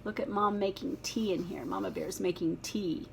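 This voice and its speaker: A woman reading a children's picture book aloud, with gentle, chatty asides to young listeners. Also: medium pitch, fairly even intonation, moderate pace, vocal fry, a little hiss or hum.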